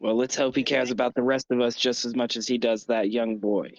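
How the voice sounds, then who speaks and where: A man playing a tabletop game, speaking his character's lines in a wry, low-key way. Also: steady tone, a little fast, no echo. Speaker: player. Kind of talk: casual role-play at the table. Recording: dull lo-fi audio.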